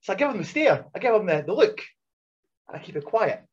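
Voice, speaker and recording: A man tells a loud, sweary story on a podcast and acts out what people said. His voice is husky and a little high, with very lively swings in pitch. The recording sounds dull and lo-fi. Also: fast talker. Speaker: podcast guest. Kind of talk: animated storytelling.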